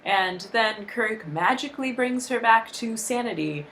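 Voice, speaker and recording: A woman co-hosting a casual review chat, animated and exasperated, often mock-quoting characters. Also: a little high, measured pace, a little hiss or hum. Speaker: podcast co-host.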